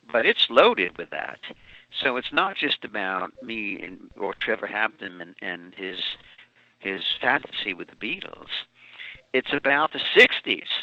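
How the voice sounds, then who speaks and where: Bright, lively older man telling stories. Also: mid-range voice, no room sound. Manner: animated, meandering anecdotes. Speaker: author and guest. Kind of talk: storytelling interview answer. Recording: muffled lo-fi audio.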